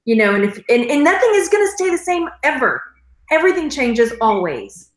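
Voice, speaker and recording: Female co-host, talkative and self-mocking, slightly high voice, echoey room. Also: big pitch swings, a little fast. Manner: chatty, self-deprecating. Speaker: podcast co-host. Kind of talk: casual chat.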